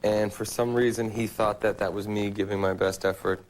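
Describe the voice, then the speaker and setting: A man guesting on a talk show, telling casual stories in a relaxed way. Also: on the low side, normal speed, slight background noise, low-quality recording. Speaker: actor guest. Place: TV studio.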